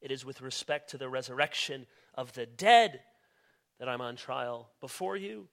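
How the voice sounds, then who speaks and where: A man preaching an expository sermon as pastor, reading scripture aloud and stressing key words with emphatic, slowed delivery. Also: medium pitch, vocal fry, a bit bright. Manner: reads scripture aloud with rising intensity.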